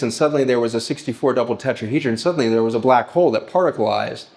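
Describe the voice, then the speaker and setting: A middle-aged man speaking to a live audience at a festival, telling stories and slowing down to act out heartfelt pleas. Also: mid-range voice, gravelly, a little mellow. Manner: storytelling, slows and lifts his voice to act out pleas.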